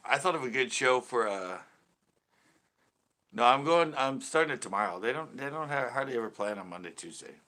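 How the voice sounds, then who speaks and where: A man's voice: mid-range voice, expressive, a little fast, pushed and bright. A man hosting a casual fishing live stream, joking and rambling as he chats with viewers. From California. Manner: joking, rambling, laughs a lot. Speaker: fishing channel host.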